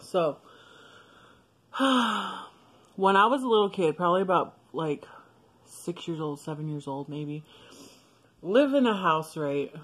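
A young woman talks straight to her viewers in a casual storytime vlog, blunt and full of swearing. Her voice sits a little low, and she breaks into laughter often as she goes. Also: animated, slow, pauses often, a bit bright, breathy edge. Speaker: vlogger.

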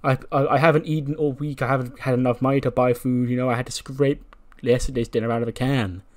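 A man's voice: mid-range voice, steady tone, fast, close to an everyday voice. Guy putting on a grumpy washed-up wrestler, whiny and sorry for himself. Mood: aggrieved. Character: worn-out male wrestler, self-pitying and grumpy.

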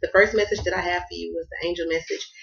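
A woman's voice: lowish voice, steady tone, fast, creaky, a bit bright, muffled recording. A woman from the Southern US reading tarot in a casual vlog, playful and slangy, cussing freely and half losing her voice. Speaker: tarot card reader.

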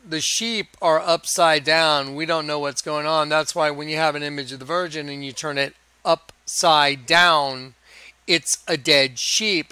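Male video preacher, crisp clear tone, excitable rambling monologue, dry close recording. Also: fairly high pitch, no echo. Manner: excitable, emphatic, chuckling. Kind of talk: rambling religious monologue over images.

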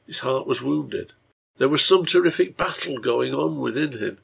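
A man reading his own translation of a serialized novel aloud, in steady storybook narration. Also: mid-range voice, normal speed, vocal fry, slightly rough.

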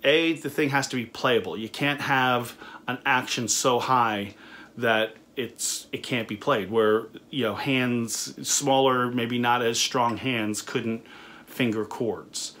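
A middle-aged man, a studio owner, talks through a budget guitar review in an easygoing, conversational way. His pitch sits in the ordinary middle range for a man. He often restarts his sentences and fills pauses with "uh.". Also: steady tone, a bit bright. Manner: conversational, frequent fillers and restarts. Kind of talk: casual product review talk.

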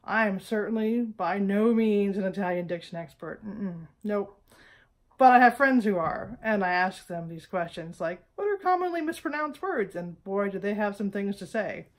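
A woman's voice: medium pitch, expressive, normal speed. A woman, hosting a weekly music lesson and talking playfully and emphatically, often checking in with "all right?". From United States. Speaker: host of a weekly music tips show. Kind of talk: casual direct-to-camera teaching.

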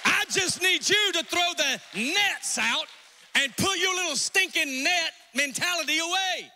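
An insistent divine male voice, high and emphatic, as a man acts it out in the pulpit. It rings bright and sharp, and a long reverb trails every line. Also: takes it slowly, a little hiss or hum, exaggerated voice. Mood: urging. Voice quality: raised, emphatic preaching delivery. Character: God as a calm, insistent male voice.

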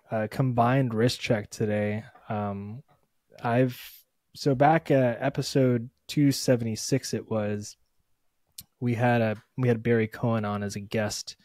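A man's voice: fairly low pitch, a little mellow, no echo. A man co-hosting a podcast in casual chat, laid-back and full of fillers while he talks through a segment. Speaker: podcast co-host.

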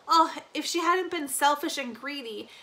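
A woman teacher reads a novel aloud with expressive pacing, lingering on key phrases. Her voice is somewhat high and notably bright. Small slips and restarts show it is read live. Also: moderate pace.

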